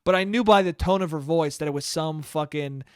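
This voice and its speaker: A man's voice: fairly high pitch, a little fast, clear, resonant tone, dry recording, clean studio sound. A man hosting a podcast, telling a rambling, profane comedic story on his own. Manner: profane, rambling, acts out dialogue. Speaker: podcast host. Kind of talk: casual comedic storytelling monologue.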